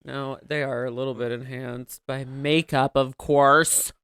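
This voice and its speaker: A man's voice: medium pitch, little pitch movement, unhurried, a bit bright, smooth, dry recording, clean studio sound. A man co-hosting a podcast, talking in a campy, playful, theatrical way in casual comedic chat. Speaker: podcast co-host.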